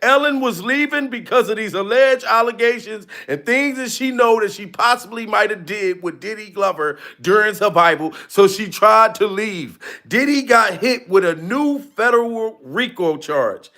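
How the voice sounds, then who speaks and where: A man's voice: sits high, normal speed, hardly any pauses, pushed and bright. A man, a comedian, talking casually through gossip news, laughing often between lines and swearing freely. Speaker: comedian commentator.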